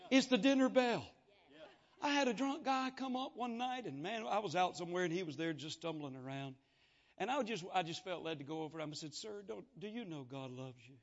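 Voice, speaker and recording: Man, preacher, sermon storytelling, folksy, high-pitched, dull sound. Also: brisk. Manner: folksy, animated testimony with acted-out dialogue.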